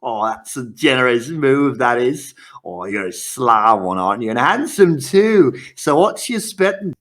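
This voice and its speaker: A man's voice: medium pitch, very animated, a little slow, a bit bright. A man playing a sly, flirtatious gambling-table dealer who talks in a smarmy, teasing way.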